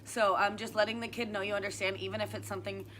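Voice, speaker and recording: Woman, bright high voice, earnest, filler-heavy casual chat, outdoors, faint background noise. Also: level tone, fast talker. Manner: earnest, thinks aloud with many fillers. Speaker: youth yoga and wellness instructor. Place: outdoors in sunny weather.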